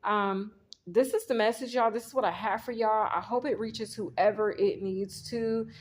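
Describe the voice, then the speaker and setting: Her medium-pitched voice is steady and moves at normal speed as she tells a story during a casual tarot reading. She rambles, speaks straight to her viewers, and quotes herself while retelling scenes.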